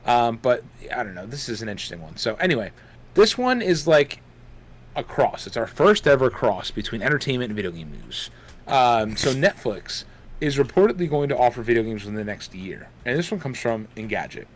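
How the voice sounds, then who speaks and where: A man's voice: medium pitch, sing-song, a little fast. A young man co-hosting a casual gaming podcast, rambling with lots of fillers while chewing gum. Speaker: podcast co-host.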